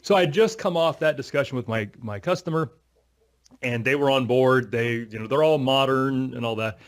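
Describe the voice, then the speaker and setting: A man's voice: medium pitch, moderate pace. A man co-hosting a tech podcast, talking in a rambling, self-mocking, chatty way. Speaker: podcast co-host. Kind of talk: casual tech podcast chat.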